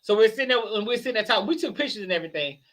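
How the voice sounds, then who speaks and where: A man chatting casually as a guest, an animated storyteller who laughs often and sounds a little tipsy. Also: high voice, rapid-fire. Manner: animated storyteller, laughs a lot, hoarse shouts when excited. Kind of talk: casual chat.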